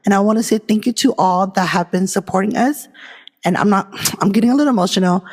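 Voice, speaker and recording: A young woman from California hosting a casual podcast, chatty and excitable, talking straight to her listeners. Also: medium pitch, brisk, husky. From Fresno, California. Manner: chatty and excitable, many "like" fillers, addresses listeners directly. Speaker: podcast host. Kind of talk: casual podcast chat and reading history notes. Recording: long reverb, hall-like echo.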